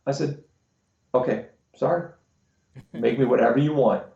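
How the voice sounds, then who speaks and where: Gravelly dark-voiced guy cussing through a bar story, echoey dull stream audio. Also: medium pitch, moderate pace. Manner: crude, swearing storyteller. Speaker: podcast co-host. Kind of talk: casual chat.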